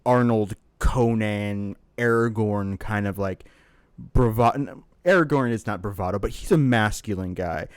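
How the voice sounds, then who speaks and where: A man co-hosting a casual podcast, telling a long, rambling story in an animated way. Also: lowish voice, unhurried, clean tone, no echo. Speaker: podcast co-host.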